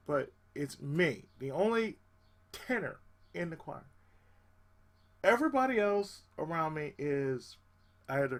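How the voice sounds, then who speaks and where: On his own channel, a man with a fairly high, gravelly voice rants casually about a personal experience. He's animated and exasperated, swearing freely.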